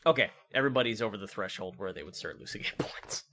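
A man running a tabletop game as game master, chatting casually and briskly moving things along. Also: on the low side, animated, sharp tone.

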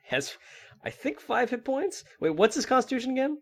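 Brisk man running a tabletop game. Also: extremely high pitch, sing-song, slightly rough. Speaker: game master. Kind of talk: casual tabletop game chat.

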